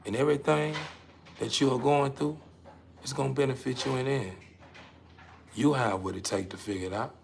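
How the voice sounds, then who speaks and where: A man doing a hushed, gentle fatherly God. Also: mid-range voice, brisk, gravelly, pauses often, slight background noise, lightly acted. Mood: soothing. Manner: soft, hushed, reassuring.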